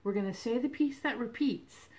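A woman librarian leading a toddler storytime from home, reading in an animated sing-song voice with exclamations and animal sounds. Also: fairly high pitch, normal speed. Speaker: children's librarian.

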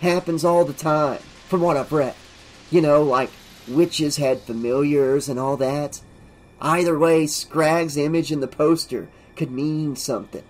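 A man's voice: steady tone, measured pace, natural voice. A man doing an eerie, darkly amused guy. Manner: darkly amused, drifting into sinister low tones. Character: eerie amused young man, sinister and playful.

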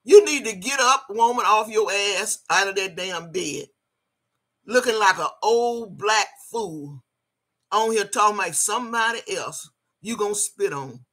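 An older woman delivers a heated rant straight at someone she disapproves of. Her voice is sharp and forceful, and she curses freely and repeats phrases over and over to drive her points home. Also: medium pitch, expressive, a little slow. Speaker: video blogger. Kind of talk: ranting commentary.

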